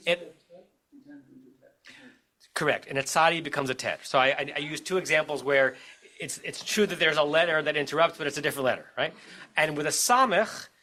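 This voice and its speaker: A man's voice: fairly high pitch, fairly quick, pauses often, bright, forceful tone. A man with an American accent, a rabbi teaching a text study class over a video call, explaining step by step and checking in with his listeners as he goes.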